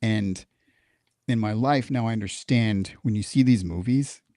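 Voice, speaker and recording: Speaking slightly slowly in a lowish voice, this middle-aged Texas veteran is recorded in studio quality with no room sound. As a podcast guest in a casual interview, he's a candid, animated, profane storyteller who restarts a lot.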